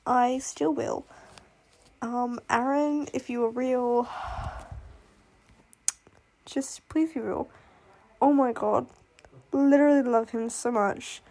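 A woman with a slightly high voice chats casually on camera about books she loves and hates. She rambles, gushes and swears freely, trailing off into laughs and sighs. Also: fairly even intonation, slow pace, pauses often, dark tone. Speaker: booktuber reviewing fictional love interests. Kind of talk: casual chat.

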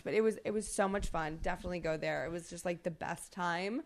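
A woman podcast co-host telling a travel story in casual chat, animated and swearing freely, with lots of fillers. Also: fairly low pitch, quick pace, hardly any pauses.

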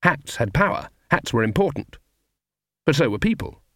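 A man narrating an audiobook in a measured, wry storytelling manner. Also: a little high, big pitch swings, fairly bright tone, no room sound, clean studio sound. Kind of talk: scripted narration.

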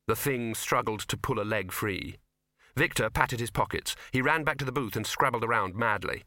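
This is scripted audiobook narration by a man whose voice sits in the mid range. He keeps a steady, measured delivery, and the studio sound is clean and dry.

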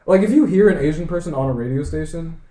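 A man's voice: a little high, animated, fast, dark tone, roomy sound. A young man co-hosting a casual podcast chat, rambling with lots of filler words, swearing and laughing. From United States. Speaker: podcast co-host.

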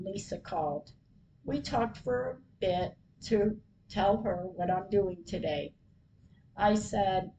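A woman podcaster reading her diary entries aloud, retelling each call in a plain, measured way. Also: mid-range voice, background noise.

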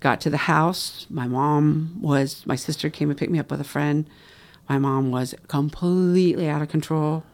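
A guest in an interview telling a personal story in a mid-pitched voice with a gravelly texture. The delivery is emotional. The speaker often acts out other people's words while telling the story. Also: fairly even intonation, moderate pace. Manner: emotional, reenacts dialogue.

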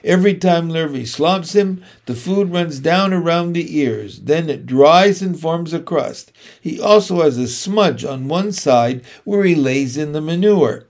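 A man's voice: on the high side, expressive, a little slow, a little mellow. A man reading aloud and voicing a determined farm wife who speaks firmly and matter-of-factly. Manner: firm, matter-of-fact.

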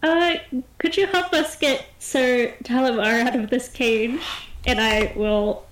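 A woman's voice: a little high, steady tone, takes it slowly, reverberant, slight background noise, low-quality recording. A woman player in a tabletop game, casual and giggly.

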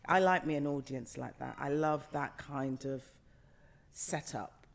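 A woman's voice: rumbling low, measured pace, vocal fry. A middle-aged woman who is a guest in an interview, talking passionately and emphatically and repeating phrases for emphasis. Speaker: actor guest. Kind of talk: casual interview chat.

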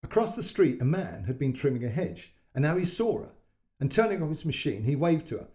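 Mellow-voiced male storyteller. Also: mid-range voice. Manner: calm and measured, with quoted lines voiced. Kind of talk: audiobook-style story narration.

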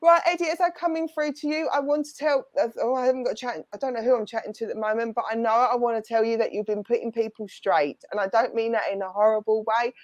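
A woman's voice: fairly high pitch, steady tone, fast talker, hardly any pauses, dry recording. A middle-aged woman with a London and Essex accent giving a chatty, rambling mediumship reading and passing on messages from spirit. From southern England.

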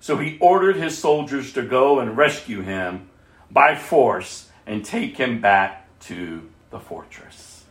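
A man preaching a sermon, his voice climbing and falling with lively swings in pitch. He talks slowly and deliberately, with loud bursts and quiet asides. The room around him is echoey. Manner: dynamic, swings between loud and soft. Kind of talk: sermon with scripture reading.

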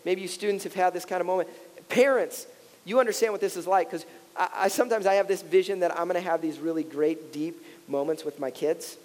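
Male pastor, 30s, high voice, casual chatty sermon delivery with playful quoted voices, long hall reverb. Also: steady tone, fairly quick, darkish tone. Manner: casual and conversational, acts out quoted voices, laughs often.

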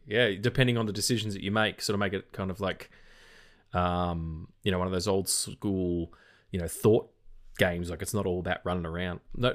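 On a film podcast, a tired Australian co-host rambles casually, often starting over mid-thought and swearing freely. His voice sits on the low side with a slightly bright tone.

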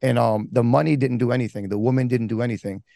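Speaking fast in a steady, creaky, dark-toned mid-range voice, a man gives his testimony as a pastor. He rambles through his life story candidly and casually, full of slang, fillers, and restarts, in a dry studio-quality recording.

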